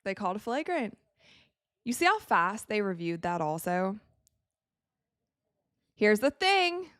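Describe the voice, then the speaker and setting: A young woman from Wisconsin hosting a live game watch party, chatting casually and reacting excitedly to plays as she talks. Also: medium pitch, takes it slowly, long pauses, no room sound, clean studio sound. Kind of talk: live casual commentary to chat.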